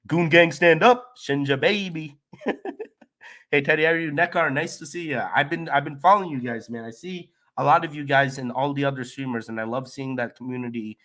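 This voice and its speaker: A man's voice: mid-range voice, brisk. Sick, nasal man hosting a crypto livestream. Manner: loopy, relaxed, rambling with restarts. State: sick and nasal, slight cough. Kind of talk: casual livestream chat reading comments.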